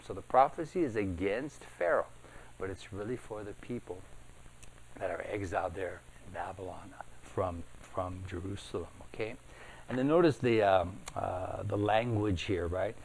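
Low-voiced man teaching from the Bible. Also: normal speed, breathy edge. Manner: conversational, peppered with "right?"; reads scripture louder and emphatic. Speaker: pastor. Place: church evening service.

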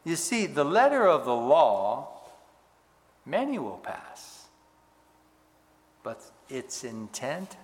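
A man preaching a sermon with emphatic rises and hushed drops. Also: medium pitch, a little hiss or hum. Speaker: pastor. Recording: hall reverb.

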